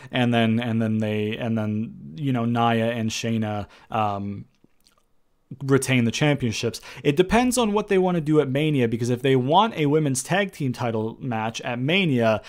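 Casual male vlogger, mid-range voice, rambling and blunt, swears freely, sarcastic edge. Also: medium pitch. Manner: rambling, with frequent ums and restarts; blunt and profane, with sarcastic jabs. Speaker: wrestling predictions vlogger. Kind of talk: casual spoken commentary.

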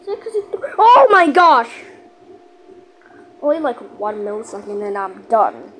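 A woman giving live commentary over her own gameplay, excitable and panicky, repeating herself and shouting countdowns when the clock runs down. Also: fairly high pitch, a little hiss or hum. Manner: repeats phrases rapidly under pressure. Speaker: gaming channel host.

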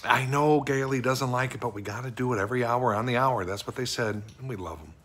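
A man's voice: mid-range voice, brisk, fairly bright tone, breathy edge. A middle-aged man playing a bumbling, sweet office worker in an improvised comic monologue, rambling and fretful as he talks to an unseen wife. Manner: rambling, fretful, easily choked up.

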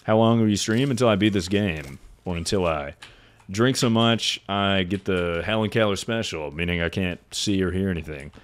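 A man's voice: deep voice, moderate pace. A man streaming a game while drinking, tipsy, rambling and swearing as he chats and laughs. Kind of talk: casual game-stream chatter.

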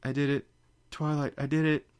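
A man voicing a timid young female pegasus, high and trembling. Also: flat delivery, a little fast, natural voice. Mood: timid excitement.

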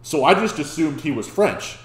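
Male reaction host, slightly high voice, excitable and stammering, recorded in a roomy space. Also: normal speed. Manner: excitable, restarts and stammers when amazed. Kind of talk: casual reaction commentary. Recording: echoey room.

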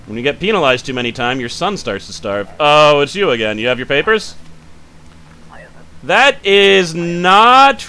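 A man giving casual let's-play commentary, thinking aloud as he checks details, quick to grumble and then apologize. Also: medium pitch, pushed and bright, slight background noise. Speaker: gaming channel host.

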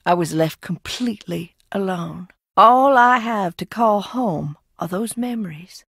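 A woman's voice: mid-range voice, lively intonation, a little slow, vocal fry, fairly bright tone, slightly rough, dry recording, clean studio sound, exaggerated voice. An actress playing an eccentric, mocking young woman hiding in an old mansion in a video game, talking with sardonic, theatrical swings. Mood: somber. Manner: sardonic, theatrical, swinging between taunts and outbursts.

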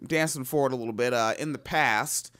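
A man's voice: mid-range voice, a little fast, a bit bright, no echo, faint music behind, natural voice. A man putting on a mock folksy Scottish-islander voice, reading in an exaggerated rustic drawl and tossing in made-up words.

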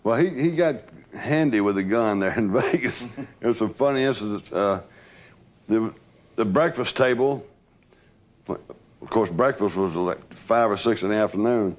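A man's voice: on the low side, measured pace. An older man, telling old stories in a rambling way, repeating words and laughing as he goes. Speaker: former entourage member telling stories. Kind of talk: casual storytelling.

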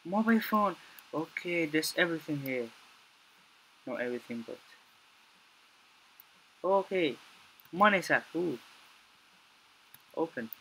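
Casting: young male gaming YouTuber with a bright, clear tone; jittery, stammering play-by-play that jumps into panicked repeats. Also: on the high side, lively intonation, takes it slowly, pauses often, a little hiss or hum. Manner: jumpy, panicky reactions with frequent swearing and repeated phrases; mutters to himself, stammering restarts. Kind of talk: gameplay commentary.

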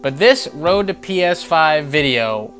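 A man's voice: on the high side, lively intonation, measured pace, fairly bright tone. A man hosting a gaming news vlog, ranting with sarcastic, profane exasperation. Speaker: gaming channel host. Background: background music.

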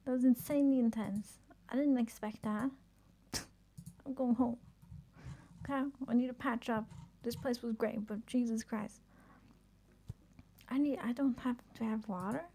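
A woman streaming a game live, chatting excitedly and swearing, sick with a headache. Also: on the high side, a little slow, long pauses, a little hiss or hum. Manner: excitable, swears often, laughs, trails off. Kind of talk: live gameplay commentary.

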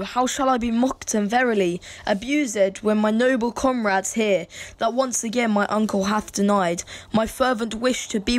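A woman's voice: a little high, natural voice. A woman voicing a restless young male farm boy in an amateur verse audio drama, speaking earnestly. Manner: earnest, yearning verse delivery. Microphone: home computer mic.

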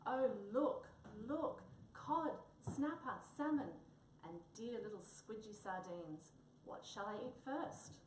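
A woman's voice: a little high, expressive, unhurried, few pauses, darkish tone, slight background noise, pitched above the performer's own voice. A woman voicing a greedy male cat who overeats and moans, heard in a roomy space from a distance. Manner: moaning, greedy. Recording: roomy, distant mic, faint ambience.

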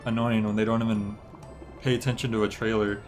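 With soft music in the background, a young game streamer speaks fairly quickly in a fairly low voice that barely shifts in pitch. His relaxed chatter wanders, thick with fillers.

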